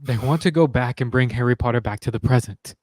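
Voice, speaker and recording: A man's voice: mid-range voice, fast, no echo, natural voice. A man voicing a guarded young male wizard in a curt, matter-of-fact way. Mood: blunt.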